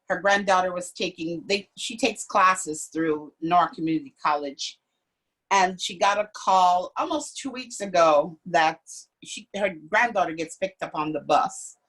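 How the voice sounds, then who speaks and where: A woman, a parishioner, telling a lively everyday story in casual conversation. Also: on the low side. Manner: animated, laughing, telling anecdotes. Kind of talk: casual storytelling on a group call.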